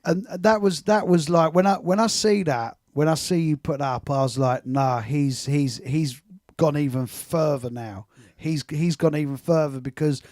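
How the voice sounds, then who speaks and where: A man's voice: fairly high pitch, moderate pace, a little mellow, no room sound, clean studio sound. A man hosting a music chat show, enthusiastic and often restarting his sentences. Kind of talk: casual interview chat.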